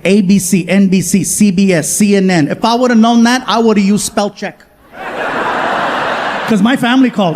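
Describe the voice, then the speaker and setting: Animated stand-up comedian, high voice. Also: male voice. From Southern California. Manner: animated, acts out family and friends in quick voice switches. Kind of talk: stand-up storytelling. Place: comedy stage before a live audience.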